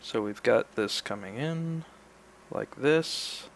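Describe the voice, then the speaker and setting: An art instructor in his thirties leads an anatomy sculpting demo, casually explaining each step as he works in a relaxed manner. His medium-pitched voice moves at a slow pace, with a little hiss or hum in the recording.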